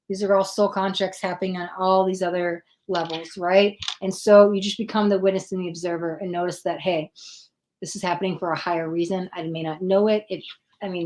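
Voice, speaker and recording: A woman hosting a livestream tarot session, giving earnest spiritual advice in a casual chat style and often checking in with "right?". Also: fairly low pitch.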